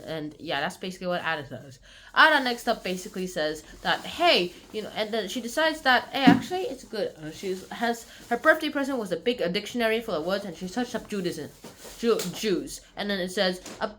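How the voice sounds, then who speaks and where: A woman's voice: expressive, fairly quick, bright, forceful tone. A woman casually summarizing a book aloud, rambling with many "like"s and restarts, and sometimes acting out the characters' lines. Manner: acts out characters' lines with big jumps in pitch.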